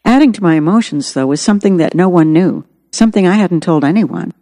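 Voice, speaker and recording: A woman's voice: on the low side, expressive, brisk, warm tone, long reverb tail. A woman narrating her own memoir as an audiobook, in an earnest, reflective way.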